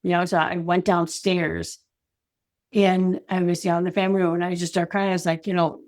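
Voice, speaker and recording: A woman speaking as an interview guest, telling a personal story in a reflective, halting way with many "you know" and "like" fillers. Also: lowish voice. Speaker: intuitive guide and energy advisor, guest.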